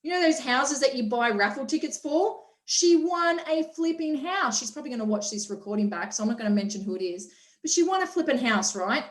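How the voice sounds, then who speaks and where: Energetic woman hosting a motivational workshop; high voice, echoey room. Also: a little fast. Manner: energetic, enthusiastic, acts out quotes. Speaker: workshop host. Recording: roomy echo.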